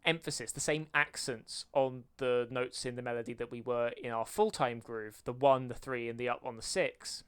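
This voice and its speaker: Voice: medium pitch, fairly even intonation, moderate pace, hardly any pauses, clear, resonant tone. A video creator explaining music theory in a lesson, counting beats aloud and singing rhythms to show them. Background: faint music playing.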